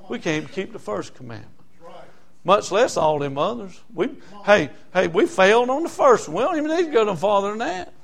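An older man preaching a sermon, emphatic, swinging between loud exclamations and hushed asides. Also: high-pitched, creaky.

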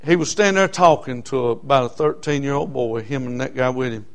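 In this sermon, a middle-aged preacher spins homespun stories at a brisk clip, his medium-pitched voice often halting on "uh, uh" before climbing to loud emphasis.

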